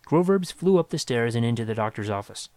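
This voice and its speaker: A man reading a science fiction story aloud with dramatic, expressive narration. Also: medium pitch, brisk, dry recording.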